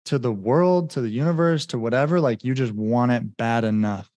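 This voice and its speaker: A man's voice: mid-range voice, moderate pace, a little mellow, no room sound. A man, a business coach and guest, telling his story in a rambling casual way with many fillers and acted-out quotes. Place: home in Mexico.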